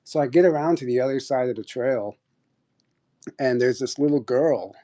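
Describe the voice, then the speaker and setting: Mellow-voiced man rambling through a story. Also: medium pitch, normal speed. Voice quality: rambling, many fillers and restarts. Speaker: podcast host sharing experiences. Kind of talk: casual storytelling on a live audio chat.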